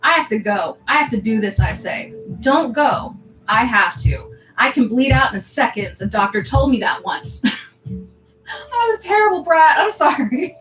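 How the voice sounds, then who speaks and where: A woman's voice: a little high, sing-song, moderate pace, fairly bright tone. Woman reading her diary, laughing often. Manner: laughs often between lines. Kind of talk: reading diary aloud with asides. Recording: roomy echo, faint music behind.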